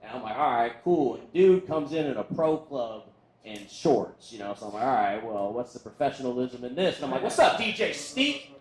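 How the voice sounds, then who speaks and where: A man's voice: medium pitch, brisk, dark tone, echoey room, poor audio. A man doing a crude, rambling roast set on stage, making fun of himself along the way. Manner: crude, rambling, self-deprecating delivery. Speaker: roast comedian. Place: comedy venue with crowd.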